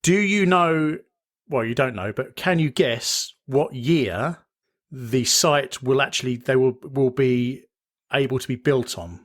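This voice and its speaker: Bloke cohosting a podcast, chatty, rambles and restarts, jokes around, middle pitch. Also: male voice, unhurried. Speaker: podcast co-host. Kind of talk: casual chat.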